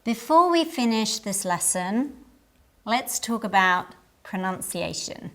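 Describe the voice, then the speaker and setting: A woman teaching an English lesson in a scripted style, pronouncing each word carefully and deliberately. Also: mid-range voice, expressive, a bit bright.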